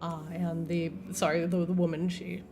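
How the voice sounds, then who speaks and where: A woman narrating as dungeon master in an unhurried, easygoing way. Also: fairly low pitch, level tone, gravelly, music in the background. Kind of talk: narrating a tabletop game.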